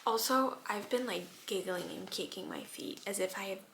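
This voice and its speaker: A woman in her early twenties chatting casually about a book she is reading, gushing and animated, sometimes dropping her voice to a near-whisper. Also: mid-range voice, moderate pace, vocal fry, a little hiss or hum. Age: 20s. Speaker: booktuber reading vlogger. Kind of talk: casual chat.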